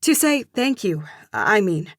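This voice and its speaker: A woman voicing a shy, flustered young barista who rambles in a rushed, breathy way. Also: mid-range voice, sing-song, no room sound, clean studio sound, pitched above the performer's own voice, full character voice.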